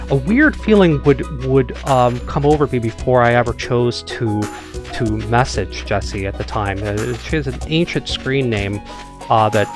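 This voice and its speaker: A man with a Midwestern American accent talks through a farming game with a friend. He rambles and muses, circling his point with hedges and restarts. His voice sits in a plain middle range, with upbeat game music running underneath. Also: medium pitch. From United States. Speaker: co-host, gamer. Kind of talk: casual chat while playing a farming game.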